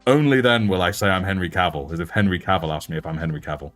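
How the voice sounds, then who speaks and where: A young British man with a deep voice, chatting in a relaxed, self-mocking way while he hosts a livestream. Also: very fast. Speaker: livestream host and miniature painter. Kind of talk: casual livestream chat.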